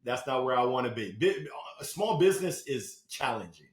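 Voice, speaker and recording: A man who is a motivational speaker, talking as a podcast guest in an animated, storytelling way with sudden loud bursts. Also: mid-range voice, normal speed, a crowd in the background. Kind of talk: energetic interview talk. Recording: roomy echo.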